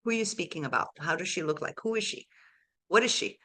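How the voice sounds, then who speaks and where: A woman's voice: lowish voice, fast talker, bright, forceful tone. A woman life coach guiding a private session with direct, probing questions.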